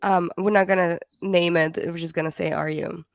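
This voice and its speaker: A woman's voice: fairly low pitch, little pitch movement, brisk, no room sound, clean studio sound. A woman hosting a casual livestream, reading comments aloud in a chatty way that laughs easily and trips over words. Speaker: livestream host.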